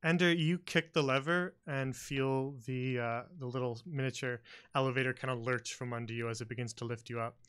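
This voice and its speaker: Man narrating as game master, halting. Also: mid-range voice, steady tone, a bit bright, clear, resonant tone. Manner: halting, with frequent fillers.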